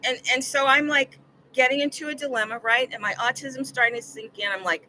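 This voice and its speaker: A woman's voice: fairly high pitch, fairly quick, sharp tone, a little hiss or hum, rough recording. An older woman vlogging, telling a personal story in an earnest, rambling way that repeats words when she gets upset.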